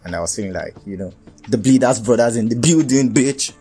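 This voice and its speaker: A young man with a Nigerian accent telling a wild personal story in a lively, profane way, dropping into Pidgin and Yoruba. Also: medium pitch, a little fast, slightly rough, soft background music. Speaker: vlogger. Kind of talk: casual storytelling.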